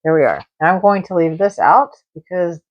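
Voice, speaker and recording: A woman's voice: fairly low pitch, lively intonation, moderate pace, no echo. A woman hosting a live-stream tarot reading, rambling and emotional, with many fillers and repeated words. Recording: dull lo-fi live-stream audio.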